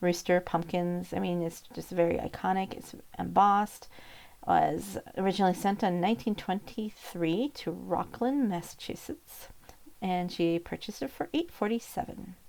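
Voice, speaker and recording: Woman, low voice, gravelly fry, chatty, thinking aloud, casual online seller vlog. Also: normal speed, darkish tone. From Montana. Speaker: eBay postcard seller. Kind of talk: casual sales recap vlog.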